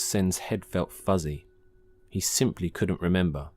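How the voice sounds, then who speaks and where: Deep-voiced man reading a story. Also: slight background noise. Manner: calm, measured reading. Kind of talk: scripted narration.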